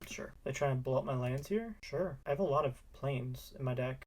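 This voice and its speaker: Brief: male creator, mid-pitch, chatty and wry, live card-game commentary with muttered jabs at the opponent. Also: steady tone, normal speed, few pauses, darkish tone. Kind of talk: casual gameplay commentary.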